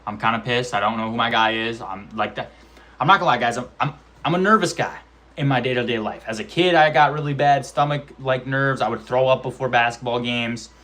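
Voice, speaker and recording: A man's voice: medium pitch, fairly quick, a bit bright. A man in his twenties telling a casual, profane story about his amateur fight, acting out quotes and sound effects. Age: 20s. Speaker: amateur MMA fighter vlogger.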